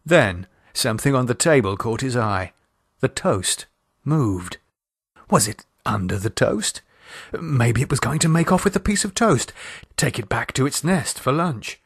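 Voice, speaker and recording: Expressive male storyteller, dry close voice. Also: medium pitch, unhurried, slightly rough, no echo. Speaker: narrator. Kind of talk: audio horror story narration.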